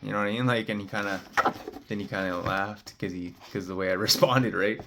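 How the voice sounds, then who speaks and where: A man's voice: on the low side, steady tone, brisk, vocal fry, very noisy. A man, a spiritual card reader, telling a meandering story in casual talk, full of "uh" and "like". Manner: meandering, heavy on "uh" and "like" fillers.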